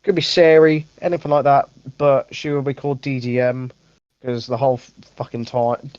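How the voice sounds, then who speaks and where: A man's voice: mid-range voice, little pitch movement, normal speed, a little mellow, clean tone, no echo, muffled recording. A young man hosting a casual movie review podcast, rambling, correcting himself and swearing offhand. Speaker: podcast host.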